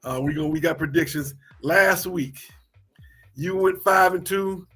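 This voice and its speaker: A man's voice: on the high side, a little slow, a bit bright, slightly rough. A man co-hosting a casual sports talk show, loose and repetitive, laughing easily as he talks picks.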